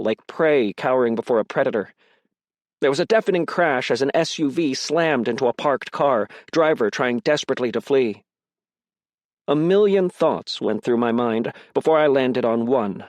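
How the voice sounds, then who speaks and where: A man reading a crime mystery audiobook in first person, with a measured, tense delivery. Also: medium pitch, a little mellow, no room sound. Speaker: audiobook narrator.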